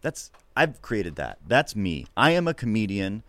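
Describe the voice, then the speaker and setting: Man, very low voice, dry close sound, earnest reflective guest, swears freely. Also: big pitch swings, unhurried, a bit bright, no echo. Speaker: podcast guest, comedian. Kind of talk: candid conversational interview.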